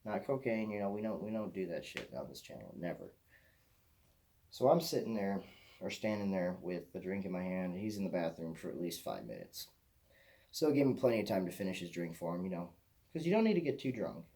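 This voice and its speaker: Mellow-voiced young man telling rambling stories. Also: low voice, very animated, a little fast, creaky. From Michigan, USA. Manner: profane, rambling, repeats himself. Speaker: vlogger. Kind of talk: rambling personal storytelling.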